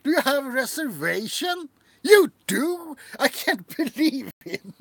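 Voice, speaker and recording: A man's voice: big pitch swings, measured pace, vocal fry, fairly bright tone, no room sound, full character voice. A man voicing a prissy male hotel owner, affronted at a guest. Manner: high-pitched, incredulous.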